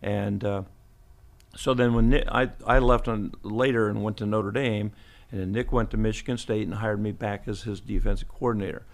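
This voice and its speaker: Gravelly older man telling stories. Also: on the low side, fairly even intonation, moderate pace. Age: 70s. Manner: chuckling, rambling anecdotes with restarts. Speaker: football coach, guest. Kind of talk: storytelling interview. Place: podcast studio.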